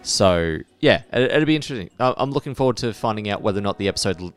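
A man's voice: on the low side, expressive, fast talker, faint music behind. A man co-hosting a podcast, talking in a thoughtful, rambling way with many restarts. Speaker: podcast co-host. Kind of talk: casual podcast chat.

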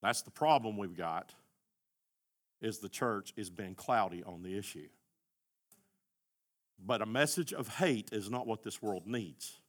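A middle-aged man, preaching a sermon as pastor, rising to shouts at the high points. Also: lively intonation, measured pace, long pauses. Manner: impassioned, shouting at peaks.

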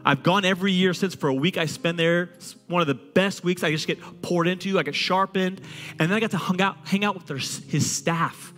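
A man preaching a sermon to a congregation in a lively, conversational way, using humor and repetition. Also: high-pitched, brisk, in a large hall, soft background music. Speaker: pastor.

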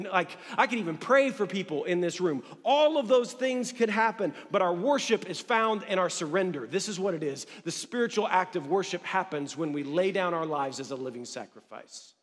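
A young man preaching a sermon from a church stage, earnest and building in intensity, dropping low and quiet for emphasis. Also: big-room sound. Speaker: pastor.

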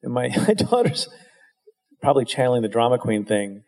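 A man's voice: medium pitch, very animated, brisk, vocal fry, darkish tone. A middle-aged man answering an interviewer's question with candid, wry, self-deprecating stories, often restarting his sentences. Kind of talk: candid storytelling, conversational. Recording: long hall reverb.

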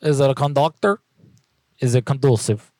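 A man hosting a live prank-call stream jokes along and reads the chat aloud. His voice is mid-pitched. The sound is close and dry. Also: normal speed, dark tone, no echo. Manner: joking, reading chat aloud. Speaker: streamer host of prank calls.

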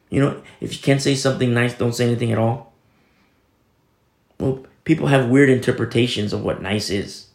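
A man's voice: mid-range voice, steady tone, moderate pace, reverberant. A male pastor giving a sermon in a casual storytelling way, reading and quoting scripture as he goes. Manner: conversational, storytelling preaching with scripture quotes.

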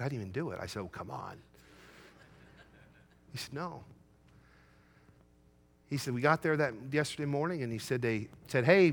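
A middle-aged male pastor preaching a sermon, swelling to loud emphatic peaks and telling a folksy story about his son. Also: mid-range voice.

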